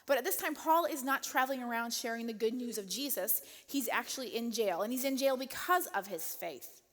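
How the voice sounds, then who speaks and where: Woman giving a chatty church talk, bit higher voice, laughs a lot, long echo in a big room. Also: fairly quick, fairly bright tone. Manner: chatty, laughs often, many "um" and "like". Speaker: church speaker. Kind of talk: casual sermon talk. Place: church auditorium. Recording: long hall reverb.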